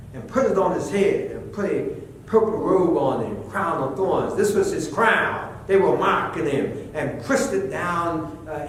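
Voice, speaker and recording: A fairly high-voiced man preaches a sermon, moving between low, measured teaching and loud, impassioned stretches. He is picked up from some distance in a very echoey church sanctuary with a faint rumble behind him. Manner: preaching, rising to impassioned shouts. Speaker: pastor.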